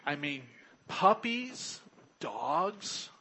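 A man's voice: a little high, big pitch swings, drawn-out words, sharp tone, a little hiss or hum. A middle-aged man preaching a sermon in a chatty, joking way, often chuckling. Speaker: pastor.

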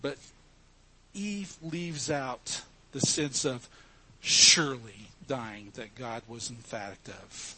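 A man's voice: medium pitch, slow pace, bright, forceful tone. A man preaching a sermon to his congregation, emphatic and earnest as he teaches from scripture. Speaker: pastor.

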